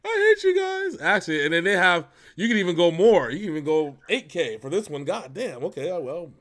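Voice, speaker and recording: Animated joking man hosting a reaction show. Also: sits high, brisk. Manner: animated, joking, big swings in loudness. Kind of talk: casual banter.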